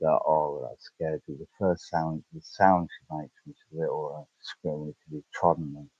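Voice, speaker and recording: A low-voiced man rants to his livestream viewers, swinging his pitch up and down as he rambles. He swears freely and chuckles between lines. The sound is dull and lo-fi, close and dry. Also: a little mellow, dry recording. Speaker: livestream host. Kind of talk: casual ranting monologue to viewers.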